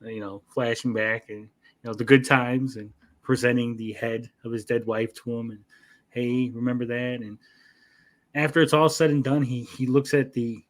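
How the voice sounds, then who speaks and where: A man co-hosts a casual anime podcast and retells episodes with lively energy. He swears freely and breaks into quick acted-out quotes. His voice sits at an ordinary middle pitch. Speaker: anime review podcast co-host. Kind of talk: casual chat.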